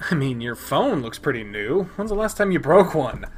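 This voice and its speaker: A man hosting a let's play, reading a visual novel aloud with excitable, rambling, profane reactions. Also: fairly high pitch, normal speed, hardly any pauses, slightly rough. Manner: excitable, swearing, rambling asides.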